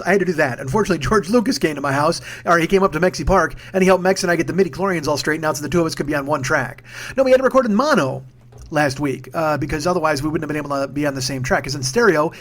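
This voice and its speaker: A man's voice: fairly high pitch, a bit bright. A man in his forties hosting a casual solo podcast from home, rambling, swearing and mocking himself. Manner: profane, rambling, self-mocking. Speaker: podcast host. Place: home room with a humming ceiling fan. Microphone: sock-covered mic, speaking a bit back from it.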